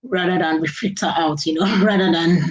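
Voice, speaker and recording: A woman's voice: lowish voice, steady tone, fairly quick. A young woman with a Nigerian English accent, hosting a casual live stream and chatting loosely, repeating herself and laughing often.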